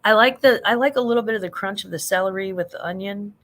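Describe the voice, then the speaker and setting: A woman's voice: mid-range voice, fast, a bit bright. A middle-aged woman hosting a late-night livestream, chatting in a rambling way, laughing often and reading out viewer comments. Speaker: livestream host.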